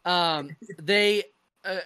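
A man hosting a casual chat, recapping with excitement and lots of swearing. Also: high-pitched, drawn-out words, clean tone, no room sound. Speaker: podcast host.

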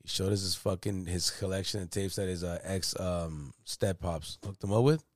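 A man's voice: low voice, moderate pace, dry recording, studio quality. A man co-hosting a casual podcast, telling a story with lots of slang and swearing and acting out the voices of other people. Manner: animated storyteller, acts out quoted voices loudly. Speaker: podcast co-host. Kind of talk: casual chat.

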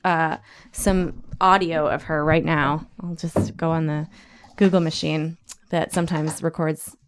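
Lower-voiced woman podcast host. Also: flat delivery, a little slow, noisy background. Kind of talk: casual chat.

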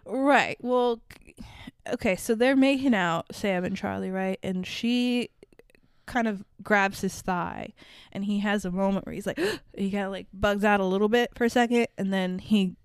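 A woman's voice: medium pitch, normal speed, vocal fry, clear, resonant tone, no room sound, clean studio sound. A woman co-hosting a casual movie podcast, swearing freely, laughing often and acting out the characters' lines. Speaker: podcast co-host. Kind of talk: casual movie-review chat.

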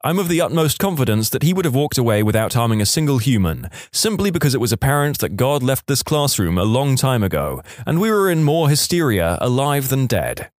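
Lively, wry male story reader. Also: mid-range voice, fairly quick, hardly any pauses, no echo, studio quality. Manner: wry, sarcastic asides. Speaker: story narrator. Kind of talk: reading listener stories aloud.

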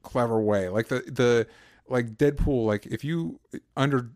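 A man's voice: medium pitch, unhurried, darkish tone, dry recording, studio quality. A man casually chatting about comics as a podcast co-host, rambling and enthusiastic with many fillers.

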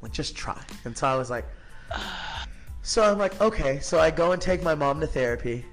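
Guy in his 30s on a podcast, kinda high voice, super animated, says like a lot, faint music under it. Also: fast talker. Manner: animated, acts out quoted people, frequent "like" fillers. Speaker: podcast guest. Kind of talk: casual conversational storytelling.

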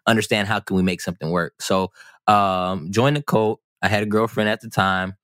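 A man's voice: lowish voice, moderate pace, a bit bright, clear, resonant tone, no echo, studio quality. A man telling a personal story on a podcast in a casual, rambling, self-mocking way. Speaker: podcast guest.

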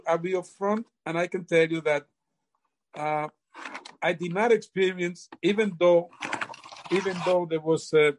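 Older man, halting, repeats himself. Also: high-pitched. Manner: halting, repeats words often. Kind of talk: casual storytelling.

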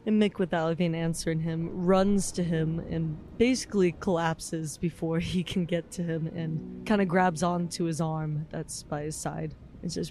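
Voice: medium pitch, steady tone, moderate pace, hardly any pauses, a little mellow, faint music behind. A player in a tabletop game describing their character's actions in the third person, with some hesitation.

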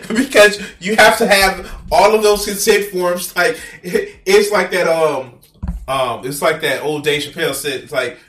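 A man's voice: high-pitched, slow pace, a bit bright, a little hiss or hum. A man hosting a reaction video, talking in a casual, profane and incredulous way, mocking and laughing at what he watches.

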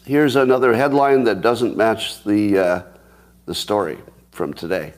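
Male host, lowish voice, dry sarcastic news riffing with mock outrage and frequent restarts. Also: steady tone, a little slow. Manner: thinks aloud with restarts, chuckles. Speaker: commentary host. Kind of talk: solo news commentary.

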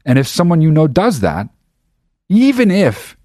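A man's voice: a little high, wildly swooping pitch, unhurried, warm tone, no room sound, studio quality. A man hosting his own podcast, talking in a casual, profane and emphatic monologue. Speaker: podcast host.

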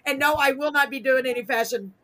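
A woman hosting a live talk show, chatting casually in an excitable, goofy, rambling way and correcting herself as she goes. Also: high-pitched, quick pace. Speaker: host of a live radio and web talk show.

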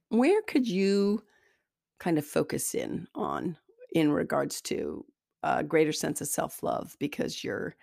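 A woman's voice: deep voice, gravelly, a little mellow, dry recording, clean studio sound. A woman hosting a self-help talk as an energy healer, speaking in a candid, conversational and self-deprecating way. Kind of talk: spoken self-help monologue.

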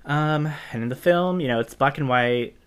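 Podcast co-host, casual film chat, rambling delivery full of "like", laughs often, mid-range pitch. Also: moderate pace, clear, resonant tone.

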